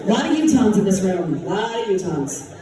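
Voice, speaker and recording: A woman's voice: mid-range voice, very animated, a little fast. A woman from Utah with a Utah accent, a TV co-host giving a playful talk that quizzes a live audience. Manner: chatty and playful, quizzes the crowd. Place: large hall with an audience. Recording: echoey hall, mic heard from a distance, crowd noise.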